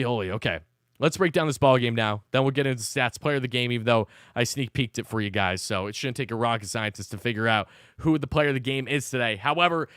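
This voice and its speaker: A man hosts a live postgame recap, fired up and cursing as he breaks down the game. His voice sits a little high and comes through smooth and clean. The sound is dry and close, with no room around it. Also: a bit bright, dry recording. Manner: fired-up, swears, rants between recap. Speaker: sports channel host.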